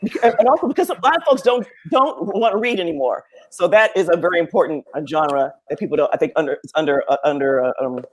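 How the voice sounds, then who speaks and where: A woman professor in casual panel conversation, animated and laughing often, acting out other people's voices. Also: low-pitched, quick pace, few pauses. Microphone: video call.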